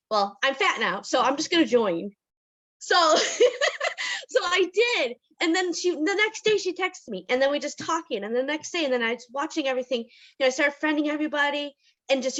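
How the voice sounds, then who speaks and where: Emotional woman in her forties, high and bright. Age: 40s. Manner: nervous, emotional, laughs between phrases. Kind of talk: personal testimony on a video call. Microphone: video call.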